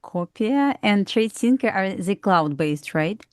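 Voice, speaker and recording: A woman's voice: mid-range voice, lively intonation, a little slow, no room sound, clean studio sound. A woman co-hosting a live stream, giving blunt, matter-of-fact opinions in casual chat. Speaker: co-host.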